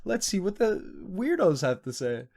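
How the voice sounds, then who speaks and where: A young man commenting on videos in a sarcastic, incredulous tone, breaking into frequent laughter. His voice sits a bit high for a man. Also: big pitch swings, moderate pace, gravelly, a little mellow. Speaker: YouTube commentator. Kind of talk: reaction commentary.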